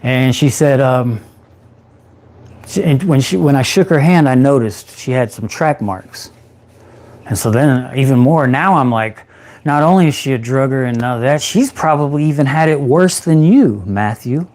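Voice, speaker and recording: Speaking with medium pitch at a moderate pace, a thirtysomething peer support specialist shares his personal recovery story on a livestream. He tells it in a lively way, playing out his past words.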